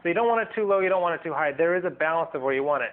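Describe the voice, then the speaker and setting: Over a thin, tinny, phone-like line, a man gives a casual vocal lesson, racing along in a fairly high voice with lively intonation. His delivery is loose and rambling, he restarts sentences, and he demonstrates vocal sounds as he explains.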